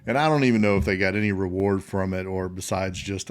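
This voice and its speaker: A man's voice: low-pitched, fast talker, clean tone. A middle-aged American man, a veteran hosting his own show, tells funny army stories casually, laughing often and filling with "um" and "you know". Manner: laughs while telling stories, many fillers. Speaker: podcast host, army veteran. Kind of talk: casual storytelling.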